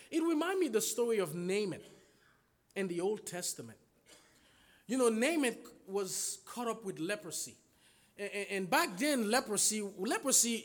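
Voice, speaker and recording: A man preaching a sermon, emphatic, asking rhetorical questions and retelling stories in voices. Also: high-pitched.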